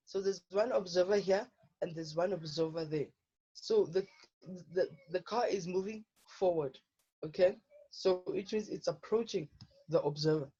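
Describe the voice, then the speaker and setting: With a warm, husky, mid-range voice, a woman explains problems in an online physical science class and keeps asking her students "okay?". The lesson audio is dull and lo-fi.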